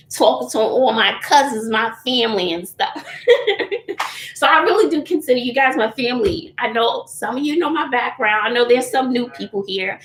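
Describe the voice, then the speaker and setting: A woman's voice: on the high side, animated, moderate pace, fairly bright tone. A woman, chatting candidly with viewers and laughing often. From Texas, USA. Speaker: YouTuber answering viewers. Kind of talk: casual live chat. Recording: roomy echo, faint noise.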